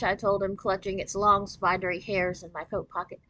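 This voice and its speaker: A woman reading a children's novel aloud in an expressive storytelling voice. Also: medium pitch, brisk, few pauses, low-quality recording.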